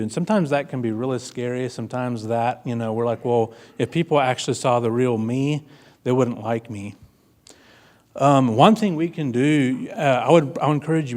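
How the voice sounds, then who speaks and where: A man speaks to a room at a conference in an earnest, plainspoken way. He tells stories with casual fillers, at an ordinary pitch for a man. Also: darkish tone. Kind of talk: keynote talk. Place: conference room before an audience.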